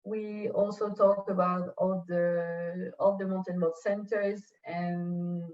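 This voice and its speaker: A woman's voice: fairly low pitch, darkish tone. French woman on a distant, dull call line. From France. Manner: halting, searching for English words. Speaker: podcast guest. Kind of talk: casual interview chat.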